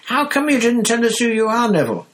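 A man voicing an excitable young male bus conductor, eager and given to shouting. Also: on the high side, unhurried, creaky, voice pushed up, exaggerated voice. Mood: excited.

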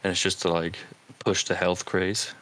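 A man's voice: low voice, level tone, normal speed, a bit bright. A man co-hosting a podcast in loose, joking chat, swearing and laughing often. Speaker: podcast co-host. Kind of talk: casual chat.

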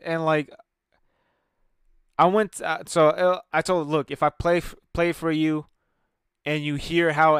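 Heated, rambling man with a high, clear voice. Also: dry recording, studio quality. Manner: heated, profane, rambling with many restarts. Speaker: amateur stand-up comedian. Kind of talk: casual rant to camera.

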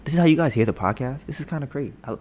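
A young man hosting a casual home podcast, rambling and joking, bragging about his smooth steady voice. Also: medium pitch, racing, slight background noise. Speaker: podcast host. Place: home, storm outside. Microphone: podcast mic with headphones.

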